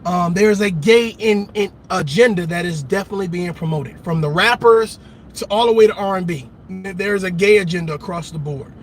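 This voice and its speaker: Man hosting a fiery commentary rant, very high voice, hammers his points with repetition. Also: a little fast, soft background music. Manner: emphatic, repetitive, calls out to listeners. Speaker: show host. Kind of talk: impassioned commentary monologue.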